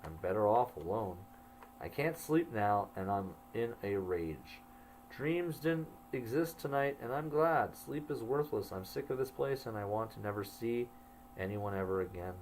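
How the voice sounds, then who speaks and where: A man's voice: lowish voice, normal speed, a little mellow, a little hiss or hum, rough recording. A man telling his own story, reading his old journal entries aloud and adding wry asides. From Canada.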